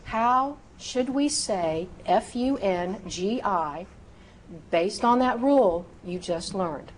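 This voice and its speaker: A woman teaching medical terminology in a recorded lecture, sounding out each term slowly and precisely. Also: medium pitch, animated, a little hiss or hum. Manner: slow, precise enunciation of terms.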